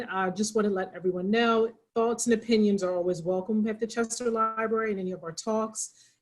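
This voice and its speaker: A woman's voice: medium pitch, low-quality recording. A woman with a Pennsylvania accent hosting a library video call, chatty and rambling with frequent restarts. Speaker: library program host. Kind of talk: casual moderated video call.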